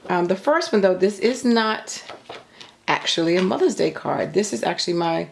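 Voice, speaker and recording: A middle-aged craft YouTuber shows off her work from behind the camera at her home craft table, chatting casually with lots of fillers and a little breathless. Her low, creaky voice has lively intonation and a moderate pace, with slight background noise.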